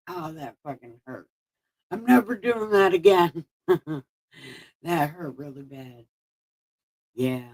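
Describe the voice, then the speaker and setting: Live-streaming in casual chat with a sore mouth after having teeth pulled, a woman slurs and lisps through the gaps, rambling, laughing at herself and swearing freely. Her lowish voice is expressive, slow, a little mellow and slightly rough, with long pauses, on a low-quality recording.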